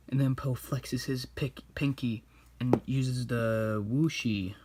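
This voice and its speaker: A man's voice: medium pitch, fairly even intonation, slow pace, noisy background. A man casually retelling a movie for laughs while drawing, in a rambling, offhand way. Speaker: YouTuber.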